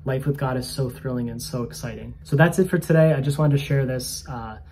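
Brief: male spiritual coach, mellow and husky, conversational testimony for his channel. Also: medium pitch, steady tone, fairly quick. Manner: earnest, conversational, self-conscious. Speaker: spiritual coach and video host. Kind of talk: personal faith testimony to camera.

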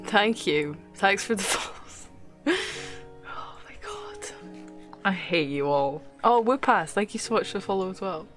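A woman's voice: medium pitch, expressive, normal speed, fairly bright tone, soft background music. A young woman streaming a game live, chatting casually, swearing often and laughing as she thanks viewers.

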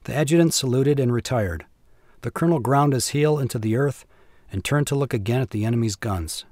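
A man's voice: medium pitch, a little fast, a little mellow, no echo, studio quality. Man narrating a classic war story. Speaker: audiobook narrator.

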